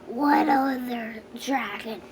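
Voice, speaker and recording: A woman's voice: fairly high pitch, slow, noisy background. A woman voicing a boastful, grumpy male dragon who roars and grumbles in a storybook reading. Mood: roaring. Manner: roaring and grumbling.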